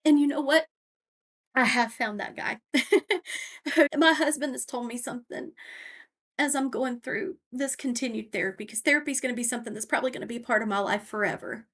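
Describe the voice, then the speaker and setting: A woman's voice: on the high side, brisk, fairly bright tone. A woman guest on a faith podcast speaking earnestly and reflectively about her own life in long, image-filled answers. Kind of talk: personal testimony in interview.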